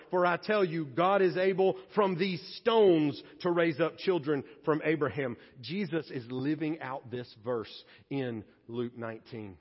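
A male pastor preaching an animated sermon, moving between quiet and loud passages. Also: a little high, breathy edge. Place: church sanctuary. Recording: dull lo-fi audio in a reverberant hall.

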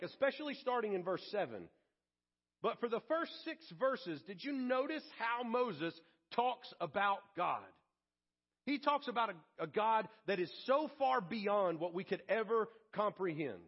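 Male pastor, high and husky, dramatic delivery, dull lo-fi sermon recording. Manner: dramatic preaching, swings from hushed to emphatic.

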